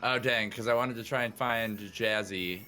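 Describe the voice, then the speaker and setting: A man's voice: lowish voice, normal speed, bright, forceful tone, faint music behind. A man describing his character's actions in a chatty way at a tabletop game. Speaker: player. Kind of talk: tabletop role-play.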